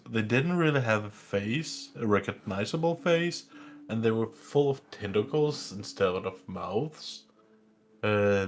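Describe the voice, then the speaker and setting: A man playing a tabletop game, describing events haltingly and with many fillers. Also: mid-range voice. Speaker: player. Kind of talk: casual tabletop play.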